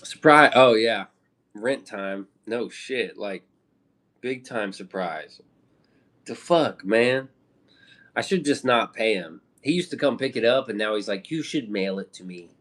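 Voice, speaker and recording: A man's voice: on the low side, slow, long pauses, fairly bright tone. A man from the Midwest chatting casually on a live stream, rambling with loose slang and casual swearing. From American Midwest.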